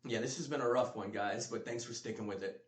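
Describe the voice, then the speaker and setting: A man co-hosting a podcast in casual chat, blunt and swearing. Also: on the low side. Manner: lively, blunt, swearing, quick to laugh. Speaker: podcast co-host. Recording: roomy echo.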